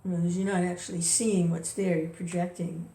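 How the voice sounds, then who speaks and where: A woman who rambles and chuckles through a casual spoken reflection, chanting softly between her thoughts. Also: fairly low pitch, flat delivery, brisk. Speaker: devotee sharing reflections. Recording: roomy distant recording.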